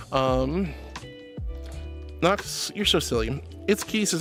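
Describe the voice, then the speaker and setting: A man streaming as a VTuber from home on a headset mic, reading chat aloud and answering with affectionate, playful warmth. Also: fairly high pitch, expressive, measured pace, faint music behind. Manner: affectionate and playful, calls viewers sweetheart.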